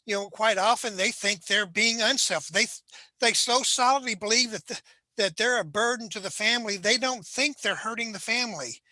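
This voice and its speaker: A suicide prevention trainer giving unscripted advice on grief, talking in an earnest, gentle way with many "you know" asides. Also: medium pitch, moderate pace, no room sound, rough recording.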